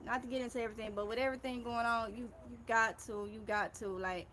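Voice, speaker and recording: A woman's voice: fairly high pitch, fairly even intonation, fast talker, a bit bright, slight background noise. A woman in her thirties with a Mississippi Southern accent, chatting casually on a gardening livestream and reading viewer comments aloud, effusive and calling her viewers y'all. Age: 30s.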